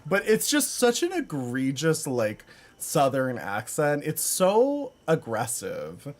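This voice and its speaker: A man's voice: a little high, wildly swooping pitch, slow pace. A man live-streaming from home, chatting casually with viewers, rambling with lots of fillers and frequent laughs. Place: home room.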